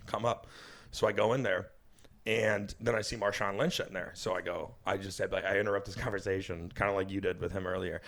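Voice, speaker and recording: A young comedian on a podcast, talking in a fairly low but bright, forceful voice. He tells his story in casual chat, swearing freely and acting out the lines of everyone in it. His delivery is lively and animated. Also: fast, a little hiss or hum. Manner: animated, swears a lot, acts out quoted dialogue. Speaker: guest comedian.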